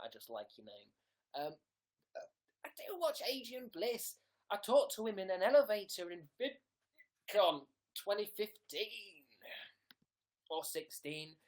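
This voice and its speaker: A young man, chatting casually and playfully on a livestream while reading viewer comments aloud. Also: fairly high pitch. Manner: silly, playful. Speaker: livestream host.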